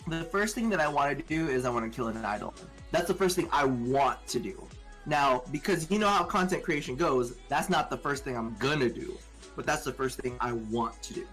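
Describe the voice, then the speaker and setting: A man's voice: mid-range voice, lively intonation, brisk, fairly bright tone, faint music behind. A man co-hosting a charity game stream, joking and teasing in casual chat. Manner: joking, teasing, playful exclamations. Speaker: streamer co-host.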